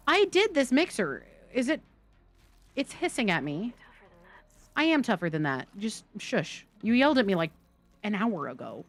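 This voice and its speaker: A woman streaming live gameplay, chatting and joking with her viewers as she plays. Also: medium pitch. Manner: chatty, jokey, talks to chat. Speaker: game streamer.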